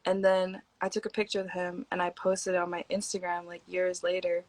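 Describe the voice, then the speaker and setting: A young woman from Hawaii chats as a podcast guest, rambling through her stories in a relaxed, slangy way. Her voice sits a little low for a woman, and she fills her talk with "like" while acting out what people said. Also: a little fast, no room sound, rough recording. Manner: laid-back, slangy, many "like" fillers, acts out quotes. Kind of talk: casual storytelling chat.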